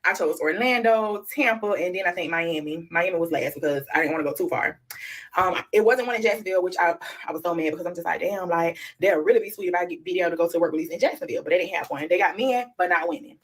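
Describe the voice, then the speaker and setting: A woman, telling a casual storytime about her past to her viewers, animated and slangy. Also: fairly low pitch, quick pace. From Florida, USA. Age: 30s. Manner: animated, slangy, addresses viewers as y'all and child.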